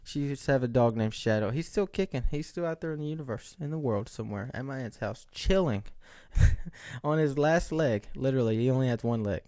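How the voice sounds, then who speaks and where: A young man with a raspy voice, rambling jokingly and mocking himself while hosting his own podcast. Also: mid-range voice, darkish tone, no room sound, studio quality. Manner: rambling, jokey, self-mocking. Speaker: podcast host. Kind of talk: casual solo chat.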